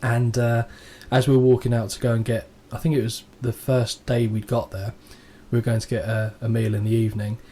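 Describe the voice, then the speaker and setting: A man's voice: mid-range voice, level tone, brisk, few pauses, dark tone, a little hiss or hum. An English man co-hosting a podcast, chatting casually and telling anecdotes with playful quoted voices. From England. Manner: storytelling, puts on voices when quoting others. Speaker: podcast co-host. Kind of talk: casual chat.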